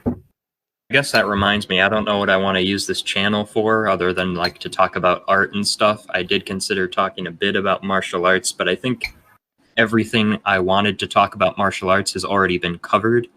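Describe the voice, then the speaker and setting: A young man with a low voice and a bright, forceful edge hosts a casual podcast chat. He rambles and fills his talk with "uh" and "like". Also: flat delivery, fairly quick, slight background noise. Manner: rambling, full of filler words. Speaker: podcast host.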